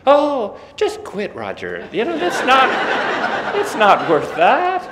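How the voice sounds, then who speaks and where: A woman's voice: on the high side, huge pitch swings, slow pace, heavy background noise, pitched above the performer's own voice, exaggerated voice. A man voicing a cheery, breezy middle-aged mother with an airy, dismissive sing-song manner. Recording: echoey banquet hall reverb.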